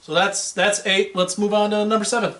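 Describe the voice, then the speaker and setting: A man's voice: high voice, little pitch movement, fairly quick, fairly bright tone. A man co-hosting a casual movie podcast, rambling and laid-back, a bit tipsy. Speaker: podcast co-host.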